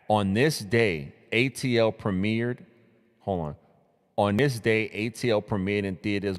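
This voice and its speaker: A young man from New City, hosting a casual live stream and reacting to social media posts in hyped, slangy talk full of repeated greetings and shout-outs. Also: low-pitched, big-room sound. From New York City.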